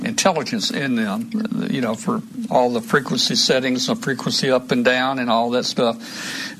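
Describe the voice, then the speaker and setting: A man hosting a relaxed live stream, talking over his radio gear at a middling pitch. He rambles, circles back and restarts his sentences. Faint noise hums behind him. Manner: rambling, restarts often, trails off. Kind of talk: casual live stream chat.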